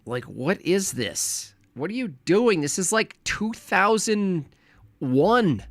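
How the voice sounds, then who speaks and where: A man's voice: high voice, slow, no echo. Mocking male streamer, dry close sound. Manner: mocking, animated, laughs often. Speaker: streamer reacting to a debate. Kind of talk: casual commentary.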